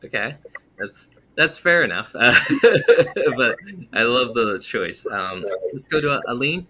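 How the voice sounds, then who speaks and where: A man's voice: medium pitch, big pitch swings, takes it slowly, sharp tone, a little hiss or hum. A man hosting an acting panel, laughing often and talking with many hesitations. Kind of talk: casual panel chat.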